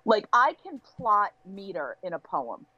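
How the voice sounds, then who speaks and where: Lively woman guest, dry close sound. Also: medium pitch, a little slow, slightly rough, no echo, muffled recording. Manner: lively, laughing, thinks aloud. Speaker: podcast guest, English teacher. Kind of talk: casual chat.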